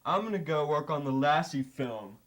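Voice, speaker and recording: A man playing a gruff actor quitting the set. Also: on the high side, expressive, moderate pace, a bit bright, slight background noise. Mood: grumpy. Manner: gruff, crude. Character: grumpy actor quitting a failing film.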